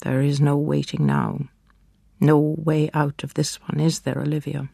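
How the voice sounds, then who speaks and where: A man narrating in the first person as a father, hushed and halting in anguish, in a dramatic storybook reading. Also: fairly high pitch, monotone, vocal fry, no room sound, studio quality.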